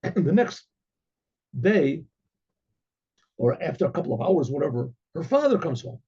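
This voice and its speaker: Man, rabbi, storytelling, rambling, throat clearing, high gravelly voice, mellow tone. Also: big pitch swings, normal speed. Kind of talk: oral storytelling. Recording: dull lo-fi recording.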